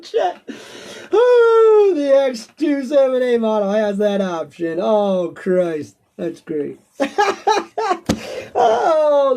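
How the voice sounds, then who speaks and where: A man's voice: very high-pitched, mellow. A man with a stuffy nose, a host chatting casually and answering viewer questions, rambling and laughing often. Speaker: auctioneer.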